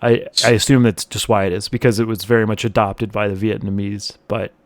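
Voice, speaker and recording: A man's voice: lowish voice, level tone, brisk, dry recording. Wry, teasing man with a dry sound. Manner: wry, teasing, crude humor. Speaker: podcast co-host. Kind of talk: casual chat.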